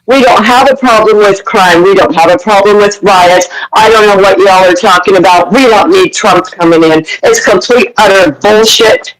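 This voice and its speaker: A woman's voice: medium pitch, rough recording. Caller, woman from Canada, fired-up swearing rant, apologetic. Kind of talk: live audio chat room call-in.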